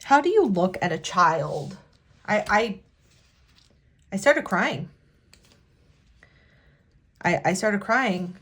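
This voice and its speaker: A woman vlogger talking in a halting, emotional way while working on her planner at a home desk. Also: medium pitch, very animated, fairly bright tone. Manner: halting, emotional, many restarts. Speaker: planner vlogger and immigration attorney. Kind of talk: casual talk while decorating a planner.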